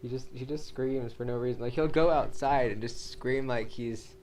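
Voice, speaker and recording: Rambling, relaxed man co-host. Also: medium pitch, normal speed, rough recording. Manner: relaxed, rambling, uses "like" and "uh" a lot. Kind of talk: casual chat. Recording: faint background noise.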